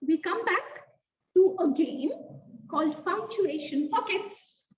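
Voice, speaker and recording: A woman teaching an online lesson to young children, in an animated, sing-song teacher voice that slows to stress key words. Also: very high voice. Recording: distant, dull lo-fi sound.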